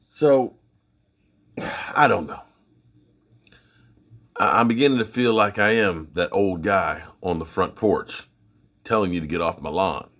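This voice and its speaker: Husky, opinionated middle-aged man. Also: lowish voice, a bit bright. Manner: folksy, opinionated, rambling. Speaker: sports channel host. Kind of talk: casual opinion commentary to camera.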